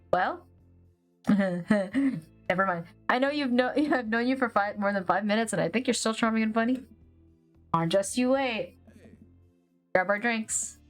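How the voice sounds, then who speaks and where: Chatty woman streamer, fairly high voice, game reading with faint music. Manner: joking, chatty, self-conscious. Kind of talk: reading a dating game aloud on a live stream.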